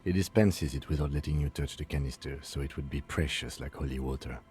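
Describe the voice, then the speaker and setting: An actor playing a calm, skeptical male police lieutenant in a video game, speaking in a measured, dry way. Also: extremely low pitch, soft background music.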